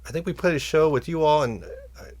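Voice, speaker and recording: A man talking as a podcast guest, rambling through stories with many restarts and getting animated as he goes. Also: a little high, quick pace. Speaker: guest musician and instrument builder. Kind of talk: casual podcast conversation.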